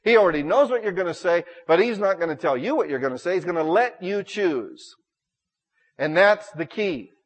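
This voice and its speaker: A man's voice: sits high, animated, normal speed, long reverb tail. A middle-aged male pastor preaching a sermon in a church, folksy and jokey, acting out little quoted exchanges.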